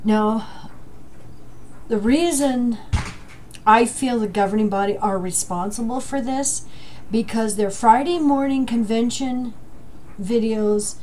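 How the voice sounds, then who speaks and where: Emotional, halting middle-aged woman vlogger. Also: a little high, darkish tone, a little hiss or hum. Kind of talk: emotional commentary vlog. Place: home with a dryer running. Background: a dryer running.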